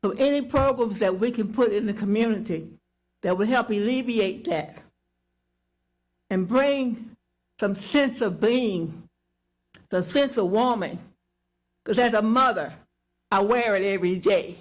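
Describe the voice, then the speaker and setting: Woman, slow, measured, solemn, public comment, council podium. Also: on the high side. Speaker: bereaved mother speaking in public comment. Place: council chamber, speaking at a podium.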